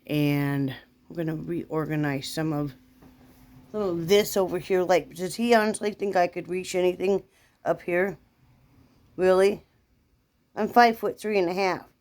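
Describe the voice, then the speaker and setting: A middle-aged woman with a low, deep voice chats casually to her viewers. She rambles in a homey, friendly way and drifts between topics. Now and then she breaks off to coo at her dog. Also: fairly even intonation, measured pace, long pauses, darkish tone. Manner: rambling, chatty, talks baby-talk to her dog. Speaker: vlogger. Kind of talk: casual chat to camera.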